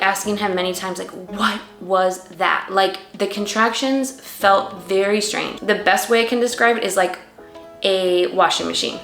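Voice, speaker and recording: A woman's voice: medium pitch, a bit bright, reverberant. A mother in her thirties earnestly telling her birth story to the camera, emotional and full of "like" fillers.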